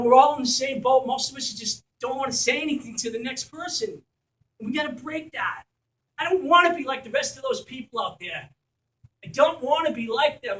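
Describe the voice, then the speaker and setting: High-voiced man giving an impassioned speech. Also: sharp tone. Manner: passionate, blunt, swears when fired up. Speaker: community event organizer. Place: community gathering at a school. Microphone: distant from the mic. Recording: echoey room, recorded from far off.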